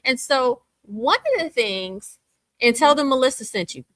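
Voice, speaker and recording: Bright upbeat woman host. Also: high voice, animated, a little slow, no echo. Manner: upbeat, greets viewers by name. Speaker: show host. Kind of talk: live-stream talk show chat.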